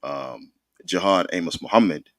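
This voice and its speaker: A man with a low, grounded voice co-hosts a casual talk radio show. He tells stories in an animated way and laughs often. The sound is dry and close, with no room around it. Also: moderate pace, vocal fry, no room sound. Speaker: co-host. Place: radio studio.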